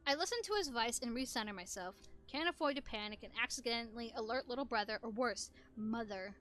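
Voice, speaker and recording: A woman reading a visual novel aloud in expressive first-person narration on a headset mic. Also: fairly high pitch, a little fast, few pauses. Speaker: gameplay narrator.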